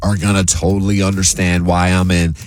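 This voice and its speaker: A young man hosting a morning radio show, telling a story in a cheerful, animated way. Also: low-pitched, brisk. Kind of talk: upbeat morning radio chat.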